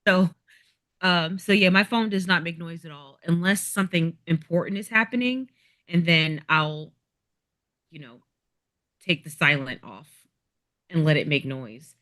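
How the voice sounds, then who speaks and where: A woman guest with a fairly low voice, speaking in a measured, emphatic way. She hammers home her point by repeating it, with a wry edge. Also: animated, a bit bright. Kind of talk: casual chat.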